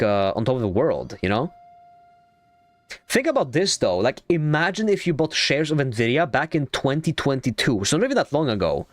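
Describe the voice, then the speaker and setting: A young adult man streaming a game, chatting casually in a rambling, excitable way and swearing freely. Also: medium pitch, no echo. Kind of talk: casual gaming stream chat.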